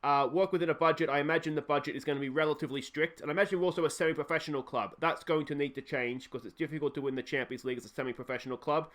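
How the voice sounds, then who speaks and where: A man's voice: fairly high pitch, fairly even intonation, racing, few pauses, fairly bright tone. A man hosting a casual gaming video, chatty and self-mocking, with lots of fillers. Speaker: let's play host. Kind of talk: gaming commentary with playful role-play.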